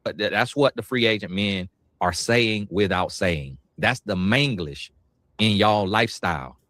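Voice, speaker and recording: A man's voice: on the low side, a little slow, a bit bright, no echo. A man in a played clip lecturing with preachy, scornful commentary, repeating phrases for effect.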